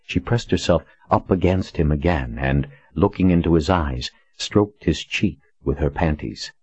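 A man narrating a story in a steady, deliberate reading style. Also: a bass voice, slightly rough, highs cut off. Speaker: audiobook narrator. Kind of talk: scripted narration.

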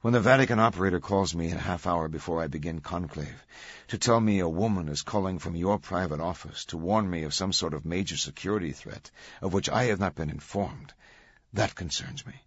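A man's voice: deep voice, brisk, breathy edge, dry recording. A man doing a weary young priest with a faint Italian lilt. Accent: slight Italian. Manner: quiet, unpretentious, tired authority. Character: weary kind young male priest, soft-spoken. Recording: dull dry audiobook recording.

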